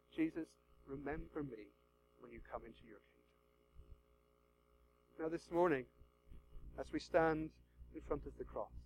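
Impassioned high-voiced male preacher. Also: a little hiss or hum, rough recording. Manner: impassioned, swings from loud urging to hushed pleading; repeats phrases for emphasis, acts out prayers. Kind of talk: sermon.

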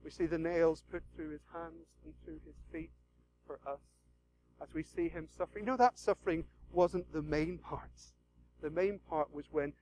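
Male preacher with a high voice, impassioned, repeats lines, drops from loud urging to a near hush. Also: steady tone, normal speed, slight background noise, poor audio. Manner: impassioned, swings from loud urging to hushed pleading; repeats phrases for emphasis, acts out prayers. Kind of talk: sermon.

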